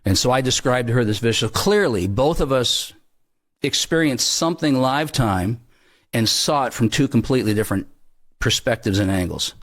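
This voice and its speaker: A man recounting a life-changing spiritual experience to an interviewer. His pitch sits in the middle range for a man, and he tells the story with earnest animation, often restarting and repeating words as he searches for them. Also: fairly bright tone. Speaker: guest sharing a testimony.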